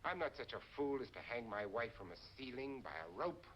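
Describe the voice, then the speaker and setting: An actor playing a cold, sardonic millionaire husband in a 1950s horror film, cool and cutting. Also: male voice, mid-range voice, sing-song, fairly quick, a bit bright, lo-fi sound, a little hiss or hum.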